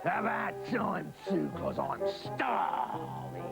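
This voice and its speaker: Man playing a crude boastful wolf, scratchy, gravelly, wildly swinging pitch, comic fairy tale. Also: animated, drawn-out words, over loud music, heavily acted. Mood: greedy grumbling. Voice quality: rough scratchy voice. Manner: blustering and crude, muttering asides. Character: greedy, rude, boastful male wolf. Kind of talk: comic children's storytelling.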